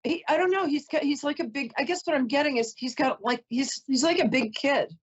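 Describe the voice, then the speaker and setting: A woman's voice: high-pitched, a little fast, muffled recording. A woman psychic host doing a reading for a caller, chatty, emotional and apologetic, often close to tears.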